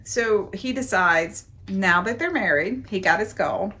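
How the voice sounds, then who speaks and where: A woman talks through a romance novel's plot at an unhurried pace, pausing to drop sarcastic asides. Her voice sits at an ordinary middle pitch, and she leans hard on the words she finds absurd. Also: lively intonation, sharp tone. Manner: wry, sarcastic asides, dramatic emphasis. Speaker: book reviewer and podcast host. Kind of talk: sarcastic book recap.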